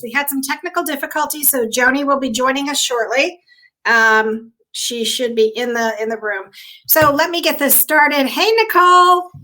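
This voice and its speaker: An excitable woman hosting a casual live stream, talking into a computer mic on a video call. Her voice sits high and sounds bright and sharp. She greets viewers by name and gets emotional along the way. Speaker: host of a live online show.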